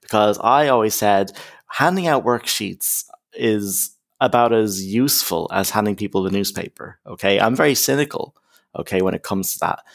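Man, counsellor, deep low voice, gravelly fry, lots of "you know". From Ireland. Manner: fillers like "you know" and "okay?", emphatic. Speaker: counsellor, podcast guest. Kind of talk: casual interview.

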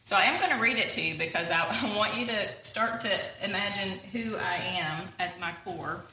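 A woman giving an informal talk in church, halting with many fillers and a self-deprecating humor. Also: medium pitch, pushed and bright. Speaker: church speaker. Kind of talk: sermon-style talk. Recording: echoey room, voice from a distance.

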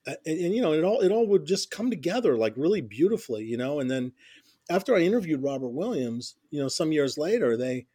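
A man's voice: fairly high pitch, lively intonation, fast talker, mellow, husky, no echo, studio quality. A middle-aged man telling stories in a casual interview, rambling with many restarts and constant "you know"s. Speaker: interview guest, music journalist.

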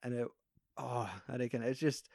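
A man's voice: mid-range voice, moderate pace, gravelly, no room sound, clean studio sound. A young man, chatting casually and animatedly about a film, swearing freely. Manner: animated, sweary, acts out quoted lines.

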